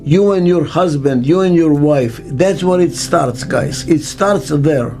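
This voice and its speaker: An older man gives a reflective interview in a measured, unhurried way. He has a fairly high voice for a man and leans on repeated phrases and rhetorical questions. Soft music plays faintly underneath. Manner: emphatic, deliberate, repeats key phrases, asks rhetorical questions. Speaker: business consultant interviewee.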